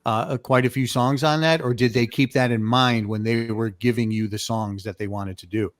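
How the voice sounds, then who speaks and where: A man's voice: mid-range voice, steady tone, normal speed, dry recording. A man hosting a podcast asks meandering questions with plenty of restarts. The recording is close and dry, with no room sound. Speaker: podcast host. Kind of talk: casual interview.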